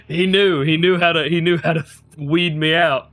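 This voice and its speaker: A young adult male streamer recounting an anecdote to his chat in loose, casual talk. His voice sits slightly high for a man, and he swears constantly. He keeps breaking into high-pitched laughter as the story goes on. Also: fairly even intonation, moderate pace, few pauses, fairly bright tone.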